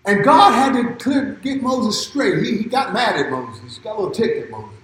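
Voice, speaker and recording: High-voiced preaching man in an echoey hall. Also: sing-song, moderate pace. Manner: shouts in rising bursts, drops low and quiet between. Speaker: pastor. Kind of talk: sermon.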